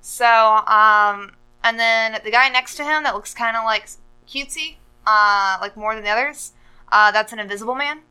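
A woman's voice: on the high side, moderate pace, sharp tone, clean tone, low-quality recording. A woman on a podcast, chatting casually and rambling with lots of "uh" and "like". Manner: rambling, full of "uh" and "like". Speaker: podcast co-host. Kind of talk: casual chat.

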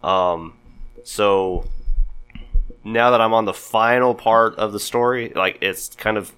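A man on a podcast working through an explanation in halting bits, with plenty of fillers and restarts. His voice sits low in pitch but sounds bright and forceful. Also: steady tone, clean tone. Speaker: podcast co-host. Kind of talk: casual chat.

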